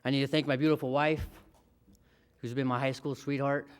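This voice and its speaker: A man's voice: medium pitch, little pitch movement, a little fast, smooth. A man in his thirties giving a heartfelt, emotional acceptance speech as a hall of fame inductee.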